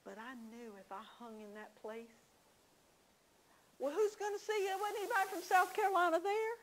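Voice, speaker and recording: A woman's voice: very high-pitched, expressive, normal speed, a little hiss or hum, low-quality recording. A woman teaching a church class, telling homey stories with confiding asides. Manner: folksy storytelling, confiding asides.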